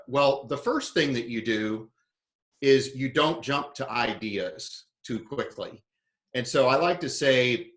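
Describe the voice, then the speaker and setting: A man investor giving a measured, explanatory talk to founders, with frequent fillers. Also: mid-range voice, fairly bright tone, echoey room. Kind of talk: conference talk.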